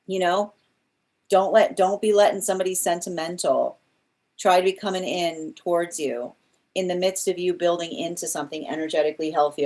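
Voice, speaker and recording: A woman's voice: medium pitch, brisk, a little mellow. Rambling, exasperated woman reading tarot. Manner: rambling, many restarts, exasperated asides; laughs often while mocking. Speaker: tarot reader.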